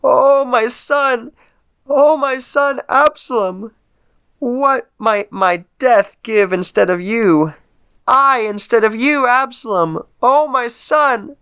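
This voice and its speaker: A man reading aloud, voicing an old king crying out in grief for his son with wailing, drawn-out cries. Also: mid-range voice, animated, natural voice. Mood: grieving.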